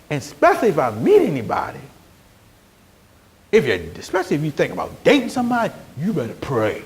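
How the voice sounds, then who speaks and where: A man preaching a sermon as pastor, telling stories with growing energy and sometimes shouting. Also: high voice, quick pace, vocal fry. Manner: animated storytelling, rising to shouts.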